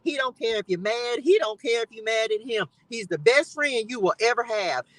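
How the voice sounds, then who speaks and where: Woman in her car doing a live faith talk, high bright voice, dry close sound, keeps repeating the same push. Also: expressive, normal speed, no echo, poor audio. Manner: fervent, repetitive exhortation with laughs. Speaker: faith live-stream host. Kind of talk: casual spiritual encouragement talk. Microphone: live-stream device mic.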